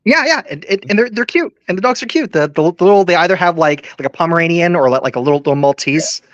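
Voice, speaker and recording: A man's voice: high-pitched, lively intonation, fast, no echo, lo-fi sound. A man chatting as a guest, hesitant and stammering, often repeating his words. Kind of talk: casual podcast chat.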